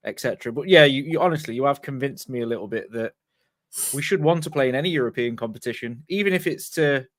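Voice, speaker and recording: Easygoing guy on a fan panel, mid pitch, dry sound. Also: quick pace, fairly bright tone, no echo. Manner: agreeable, conceding. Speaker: panel guest. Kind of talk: casual panel chat.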